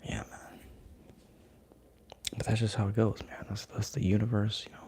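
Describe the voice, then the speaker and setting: A young man hosting a Reiki live stream, chatting with viewers in a relaxed, slangy half-whisper. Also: on the low side, moderate pace. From United States.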